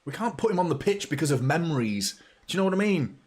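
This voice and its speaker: A man's voice: a little high, big pitch swings, quick pace, darkish tone, slightly rough. A man hosting a live football watchalong, mixing blunt, sweary fan chatter with play-by-play. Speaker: fan channel host. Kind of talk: live match watchalong commentary.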